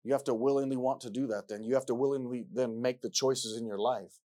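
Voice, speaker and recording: A man preaching a sermon, repeating himself and rising from quiet passages to loud ones. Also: mid-range voice, fairly even intonation, fast talker.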